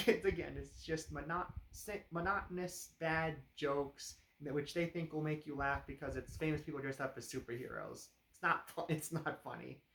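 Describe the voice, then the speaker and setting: Guy rambling thru a movie review, kinda high voice, sarcastic, echoey room. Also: normal speed, creaky, hardly any pauses, fairly bright tone, a little hiss or hum. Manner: rambling, frequent "like" fillers, dry sarcasm, chuckles. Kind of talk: casual spoken review. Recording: roomy echo.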